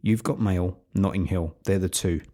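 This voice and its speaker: A man's voice: low-pitched, moderate pace, mellow. A man hosting a film podcast, giving a wry, opinionated solo review with sarcastic asides. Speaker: podcast host reviewing films.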